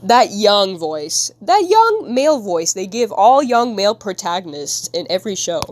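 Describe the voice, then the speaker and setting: This woman streamer has a mid-range voice with big pitch swings, speaking at a normal speed. While drawing, she chats casually with viewers, giggling and rambling sillily.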